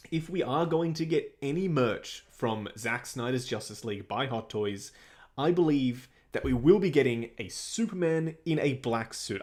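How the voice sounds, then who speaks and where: A young Australian man with a medium-pitched, somewhat dark voice hosts a laid-back livestream. He reads viewers' questions out loud and answers them chattily.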